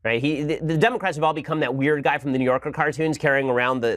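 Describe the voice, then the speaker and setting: Rapid-fire sarcastic male host. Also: mid-range voice, steady tone, fairly bright tone, no echo, clean studio sound. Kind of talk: political commentary monologue.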